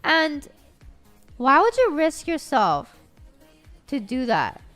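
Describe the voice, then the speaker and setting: Woman, high bright voice, animated and swearing, livestream chat, faint music behind. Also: takes it slowly. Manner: animated, profane storytelling. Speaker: streamer.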